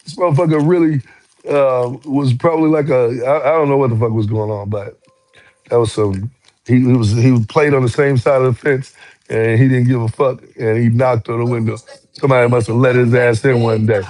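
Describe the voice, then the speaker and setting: A man, a former truck driver telling a story in casual, profane, animated talk with heated outbursts. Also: medium pitch, fairly quick. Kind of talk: casual storytelling on a live stream.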